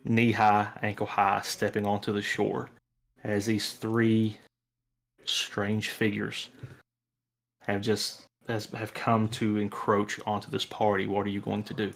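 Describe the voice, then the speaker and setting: Running a tabletop game, this game master speaks in a lowish voice, narrating scenes loosely and casually with plenty of fillers.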